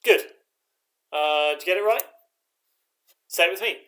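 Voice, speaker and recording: Counting in, chanting rhythm syllables, and encouraging the choir, this man directs an online rehearsal from home in his living room. He has a high, fairly bright voice and keeps a moderate pace.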